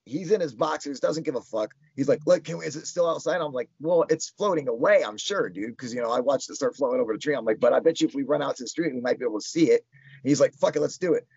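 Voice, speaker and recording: Gravelly, husky man telling a wild story. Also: mid-range voice, fast, dry recording. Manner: excited, swears a lot, heavy filler "like". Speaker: interview guest. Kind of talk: casual storytelling. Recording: dull lo-fi sound.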